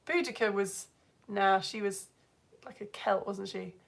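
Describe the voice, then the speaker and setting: A woman, hosting a live stream and chatting excitedly as she reads out viewer comments. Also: mid-range voice, a little slow, vocal fry. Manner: chatty and excitable, bursts into laughter and squeals. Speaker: live show host reading viewer comments. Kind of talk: casual live-stream chat.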